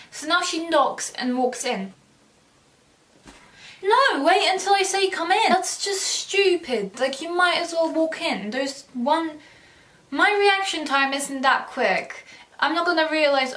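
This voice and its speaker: High-voiced teen girl ranting. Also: expressive, normal speed, a bit bright. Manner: sarcastic, blunt, rambling rant. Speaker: vlogger. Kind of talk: ranting vlog monologue. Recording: roomy sound, mic far off.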